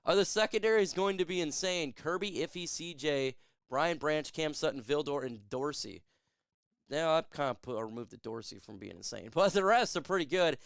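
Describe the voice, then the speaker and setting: A man's voice: a little high, lively intonation, normal speed, creaky, clean tone, dry recording, clean studio sound. A man hosting a sports show, chatting casually and answering viewer questions in a joking, chatty way. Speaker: sports podcast host. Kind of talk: casual live Q&A chat.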